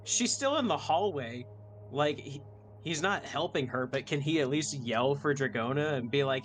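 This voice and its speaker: In a mid-range voice at a moderate pace, a young man playing a tabletop game thinks aloud, animated, with many ums and restarts as he weighs his moves. It's a casual chat at the game table.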